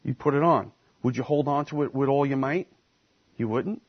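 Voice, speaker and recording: Husky-voiced male preacher, lo-fi recording. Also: medium pitch, moderate pace. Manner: preaching emphatically, asking the congregation questions. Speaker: pastor. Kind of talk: sermon.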